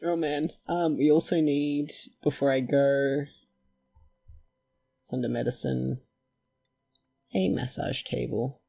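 A gravelly, husky-voiced man narrating his gameplay. He talks at an unhurried pace, chatting to himself and the characters on screen, and he is quick to get excited. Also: mid-range voice. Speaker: let's play host. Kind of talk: gameplay commentary.

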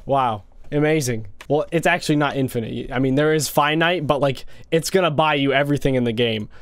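A young man hosts a casual gaming video, talking over his gameplay into a desk microphone with gasps, exclamations and playful taunts. His voice is mid-range and fairly quick, with no echo.

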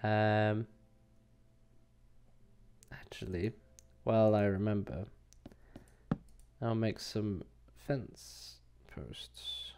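Slow, hesitant man narrating gameplay. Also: lowish voice, fairly even intonation, a little mellow, clear, resonant tone. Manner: hesitant, rambling, many fillers. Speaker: let's play host. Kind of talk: casual gameplay commentary.

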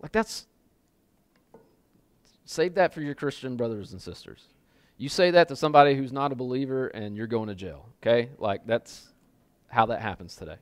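A pastor preaches a sermon in a church sanctuary before a congregation, loose and conversational, full of casual fillers and repeats. His mid-range voice is expressive and clear with a resonant tone, at normal speed with frequent pauses. The recording is dry.

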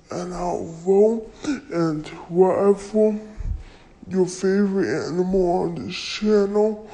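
A woman voicing a slow, rambling old turtle that reminisces about the old days. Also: fairly low pitch, warm tone, low-quality recording.

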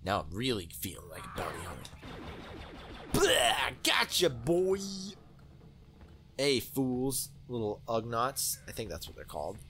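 A young man giving excitable, rambling commentary while playing a video game, with many fillers. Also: lowish voice, a little fast, hardly any pauses, a little hiss or hum. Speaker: let's play host. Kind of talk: gaming commentary.

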